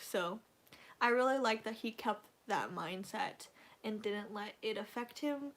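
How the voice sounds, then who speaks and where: Female livestream host, a touch high-pitched; loose, filler-heavy, gushing fan chatter. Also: measured pace, fairly bright tone. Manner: rambling, gushing fan talk full of fillers. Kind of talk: casual livestream chat with viewers.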